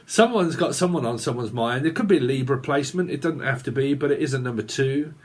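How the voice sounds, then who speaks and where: Speaking briskly in a mid-range voice, a man reads tarot in a meandering way, thinking out loud as he mumbles lists of names and laughs quietly to himself.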